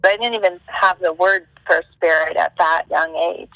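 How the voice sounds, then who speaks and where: A woman telling a personal story in a relaxed, thoughtful way. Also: fairly low pitch, moderate pace, gravelly, no room sound, lo-fi sound, soft background music. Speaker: podcast guest, psychic. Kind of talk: casual storytelling.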